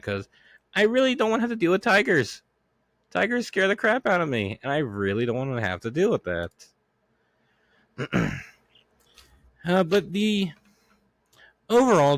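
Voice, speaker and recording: A man's voice: lowish voice, a bit bright, no echo. A man hosting his own podcast alone, talking casually and rambling with many restarts, still getting over a cough. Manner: rambling, lots of restarts and fillers. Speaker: podcast host. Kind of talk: casual solo podcast monologue.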